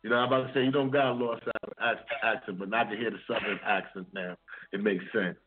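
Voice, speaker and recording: A man hosting a radio interview show, talking in an energetic DJ patter full of repeated catchphrases. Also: fairly low pitch, quick pace. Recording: tinny phone-like sound.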